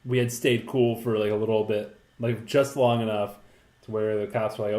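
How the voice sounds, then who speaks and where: A man's voice: lowish voice, level tone, normal speed, darkish tone. A young man casually telling a rambling, profane story on a podcast, full of fillers. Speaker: podcast co-host. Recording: echoey room.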